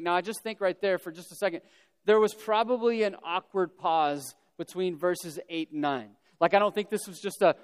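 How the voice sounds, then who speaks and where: Male pastor, high register, relaxed conversational sermon with humorous asides, reverberant hall. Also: a little fast, clear, resonant tone. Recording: long reverb of a large hall.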